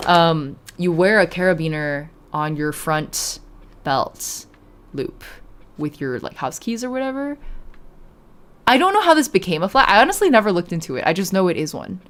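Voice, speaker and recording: A woman's voice: fairly low pitch, big pitch swings, moderate pace. A young woman streamer chatting casually with her viewers, giggling often and reading chat aloud.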